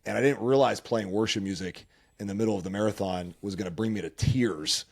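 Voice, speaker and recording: A man's voice: on the low side, a little fast, gravelly. A man hosting a podcast, telling personal stories in casual chat, earnest and emotional with lots of restarts. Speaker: podcast host.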